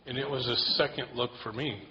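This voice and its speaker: A man telling a casual, self-deprecating story to a church group in a relaxed way. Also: medium pitch, a little fast. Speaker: church member sharing a story. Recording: dull lo-fi sound with faint noise.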